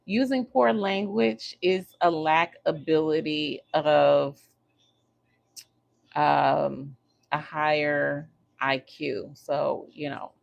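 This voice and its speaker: A woman chats casually on her livestream, teasing and talking to her viewers as she goes. Her voice sits a little low and has a gravelly edge. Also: very slow, lo-fi sound. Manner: chatty, teasing, talks to viewers while doing hair. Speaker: livestream host.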